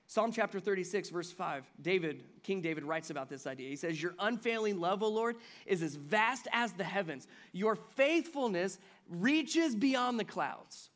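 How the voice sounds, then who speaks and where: A middle-aged man preaching a sermon as pastor, swinging from loud emphatic build-ups to near-whispered pleading. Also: sits high, animated, normal speed.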